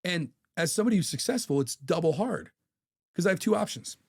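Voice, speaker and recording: A man's voice: high-pitched, lively intonation, brisk, darkish tone, husky. A man in his thirties, a podcast guest telling stories in a candid, profane way. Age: 30s. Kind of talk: casual chat.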